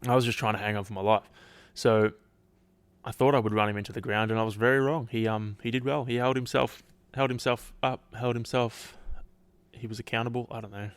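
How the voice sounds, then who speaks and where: A man's voice: mid-range voice, steady tone, a little fast, clean tone, no echo. A man hosting a casual solo podcast, rambling, restarting sentences and swearing offhandedly, his throat a little dry. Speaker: podcast host.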